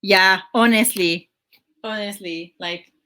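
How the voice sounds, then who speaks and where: A woman's voice: mid-range voice, takes it slowly, pushed and bright. A woman hosting her show, casually recapping a telenovela in a chatty, exasperated way with lots of fillers. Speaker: show host.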